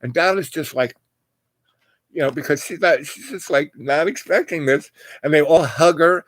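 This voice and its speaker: A man's voice: on the high side, normal speed, a bit bright, no room sound. Rambling older man telling a story. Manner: meandering, full of "you know" and restarts, acts out quoted voices. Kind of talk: rambling personal anecdote.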